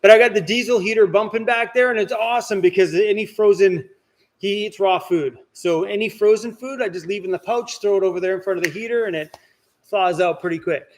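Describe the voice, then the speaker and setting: A man's voice: high voice, brisk. A man hosting a casual live-stream Q&A from inside his van, chatty and joking about himself.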